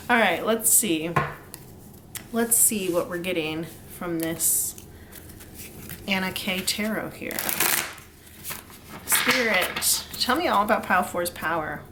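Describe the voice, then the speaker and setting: A woman's voice: lowish voice, a little slow, pauses often, very noisy. Chatty woman giving a tarot reading. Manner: chatty, rambling, laughs often, lots of um and like. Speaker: tarot reader. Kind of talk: casual pick-a-card tarot reading.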